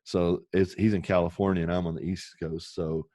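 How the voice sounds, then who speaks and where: A very deep-voiced man talks candidly and with feeling, swearing now and then as he tells personal stories. The sound is dry and close, with no room around it. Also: flat delivery, brisk, warm tone, no room sound. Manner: earnest, emotional, swears casually. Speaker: podcast guest. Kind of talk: candid podcast storytelling.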